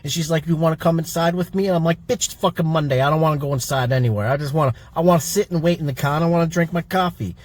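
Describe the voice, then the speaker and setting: A man's voice: fairly high pitch, racing, few pauses, close to an everyday voice. An actor playing a grumpy man who swears constantly while ranting about coffee and Mondays, in a comedy sketch video. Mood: grumbling. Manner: crude, exasperated ranting with heavy swearing.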